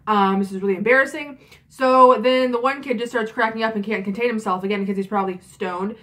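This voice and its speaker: A woman's voice: fairly high pitch, a little fast, a bit bright. A young woman in her twenties telling a story in a casual vlog, chatty and frank, with lots of fillers and swearing. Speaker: vlogger.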